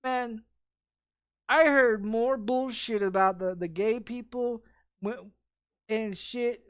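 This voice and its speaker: A man with a high-sitting voice streams a game and rants casually, swearing all the time and rambling with frequent restarts and repetitions. He's a gaming streamer, and the recording is dry.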